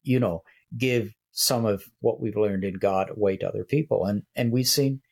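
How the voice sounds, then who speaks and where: Older man, slightly low voice, reflective host sharing faith stories in halting speech. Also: vocal fry, a little mellow, slightly rough. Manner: reflective storyteller, hesitant with many restarts. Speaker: church leader and podcast host. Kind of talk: casual conversation on faith.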